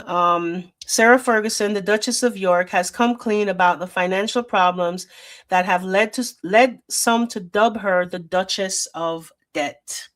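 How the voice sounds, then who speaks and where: A woman hosting a livestream, chatting straight to her viewers and reading news articles aloud, with plenty of fillers, into a desk microphone. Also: medium pitch. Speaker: show host. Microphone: desk microphone with a loose cable.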